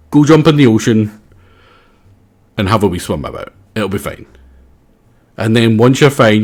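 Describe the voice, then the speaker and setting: A man's voice: on the low side, slightly rough. A young man streaming a game, rambling and apologetic in playful, casual commentary.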